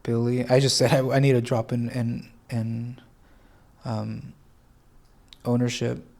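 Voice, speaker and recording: Male host, congested, gravelly edge, casual tutorial read, hesitant and self-correcting as he thinks aloud. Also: medium pitch, level tone, slow, a little mellow. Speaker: fantasy sports tutorial host. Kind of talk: casual screen-share tutorial.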